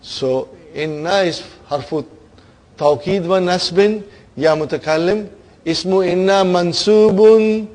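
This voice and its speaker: A man teaching an Arabic grammar lesson to students, coaxing them along, stretching key words and trailing off softly at the ends of phrases. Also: high-pitched, slow, low-quality recording. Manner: coaxing, keeps asking "are you with me, brother?".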